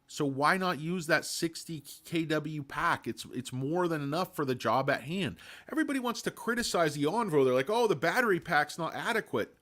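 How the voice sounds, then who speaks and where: Slightly high and a bit bright, his voice is expressive, moving at a moderate pace with few pauses. He's running a laid-back stream about stocks, wandering through his thoughts with crude jokes and shout-outs to chatters by name.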